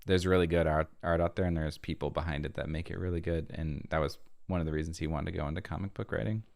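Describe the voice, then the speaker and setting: A laid-back man co-hosting a casual podcast chat, with a very low, deep voice. He talks in a thoughtful way. The recording is dry and close-miked. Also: fairly even intonation, fast talker, creaky, a little mellow, dry recording. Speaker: podcast co-host.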